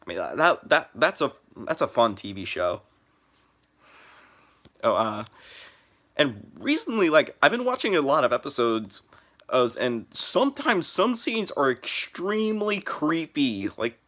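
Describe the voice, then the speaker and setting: A man's voice: a little high, sing-song, measured pace, bright, forceful tone. A young man chatting casually on a live stream, rambling with many fillers and restarts.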